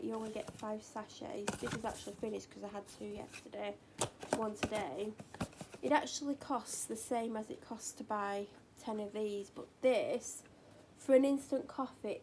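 A woman's voice: medium pitch, steady tone, moderate pace, noisy background. A woman with a British accent, chatting and rambling on in a hyper way in a home vlog from her kitchen. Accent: British English. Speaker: vlogger.

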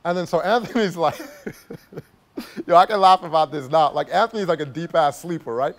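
High, gravelly voiced man telling a story. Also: moderate pace. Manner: rambling, heavy use of "like", laughs while telling. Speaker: travel vlogger. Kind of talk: casual storytelling to camera.

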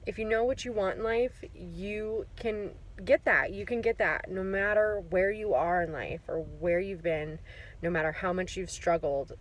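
A woman's voice: medium pitch, moderate pace, low-quality recording. A woman recording a casual video diary, gushing with gratitude, close to tears and laughing between words. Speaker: client giving a testimonial.

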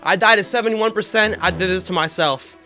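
A man giving excitable, slangy commentary on a gaming challenge, often yelping and laughing. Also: high-pitched, brisk, soft background music. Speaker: gaming YouTuber.

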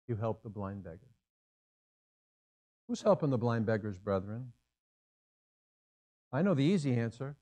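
A man's voice: mid-range voice, animated, a little slow, long pauses, dark tone, dull audio. Man preaching with rhetorical questions. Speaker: pastor. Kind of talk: sermon. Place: church sanctuary.

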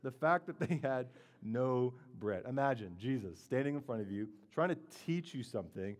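Animated man preaching a sermon. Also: medium pitch, normal speed. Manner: lively, conversational preaching with playful asides. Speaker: pastor.

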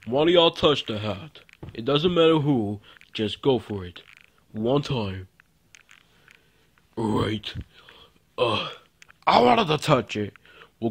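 A man's voice: mid-range voice, gravelly, husky. A man improvising a toy puppet skit, rambling and repetitive, with many fillers. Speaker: puppet show performer.

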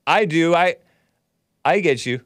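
A man's voice: a little high, animated, a little slow, a bit bright, dry recording, studio quality. A man hosting a casual livestream, rambling and laughing often as he reads comments and takes calls. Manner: rambling, laughs often, talks back to chat. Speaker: host.

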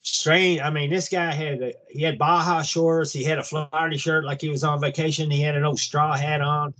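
Halting, rambling man over fifty. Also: fairly high pitch, little pitch movement, fairly bright tone. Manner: halting, rambling, with many restarts. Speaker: guest recounting an abduction experience. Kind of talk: casual storytelling.

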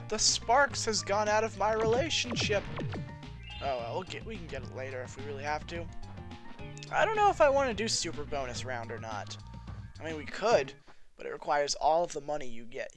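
A man's voice: on the high side, a bit bright. A man giving casual, rambling, self-deprecating commentary while playing a video game. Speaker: let's play host.

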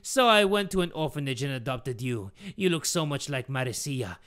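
A man voicing a scheming old father and cult villain, gloating slowly in a strange put-on accent. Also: medium pitch, lively intonation, a bit bright, lightly acted. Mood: menacing.

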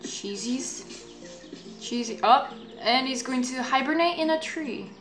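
A woman's voice: high-pitched, measured pace, a bit bright, faint music behind. A young woman reacting to a children's show, swearing and exasperated, with sarcastic commentary. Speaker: reaction video host.

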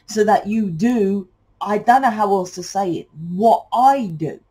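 A woman's voice: medium pitch, unhurried, warm tone, slightly rough, poor audio. A British woman giving a casual spoken tarot reading, rambling and chatty and swearing now and then. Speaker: tarot reader.

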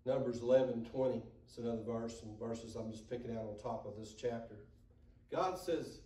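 A man preaching a sermon, building to emphatic declarations and dropping low to act out asides. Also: moderate pace, a little mellow. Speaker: pastor. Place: church sanctuary. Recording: echoey church room, mic far off.

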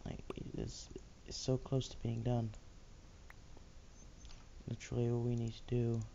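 Gravelly-voiced man rambling over gameplay. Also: mid-range voice, monotone, a little slow, warm tone, lo-fi sound, slight background noise. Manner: rambling, muttering to himself while building. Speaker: let's play host. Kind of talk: casual gameplay commentary.

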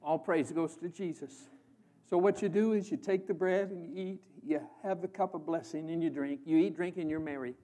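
A man from the American Midwest preaching a sermon as a guest preacher, swinging between loud proclamation and hushed emphasis. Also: fairly high pitch, steady tone, normal speed. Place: church.

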